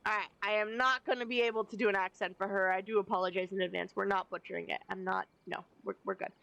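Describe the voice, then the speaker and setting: A woman's voice: medium pitch, fairly even intonation, fast talker, vocal fry, fairly bright tone, dry recording, poor audio. A woman live-streaming a game from a home setup, chatting casually with playful, self-deprecating asides.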